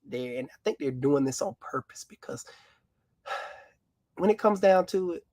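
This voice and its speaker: A man's voice: on the high side, expressive, measured pace, a little mellow, no echo. A man, a mechanic co-hosting a casual live car Q&A, who explains at length in a folksy way. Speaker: mechanic, co-host.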